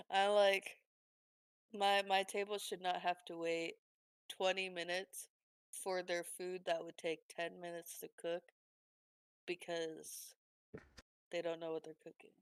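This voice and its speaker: A woman streamer telling work stories in casual chat, animated and swearing freely. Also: on the low side, slow, long pauses, smooth, no echo, studio quality.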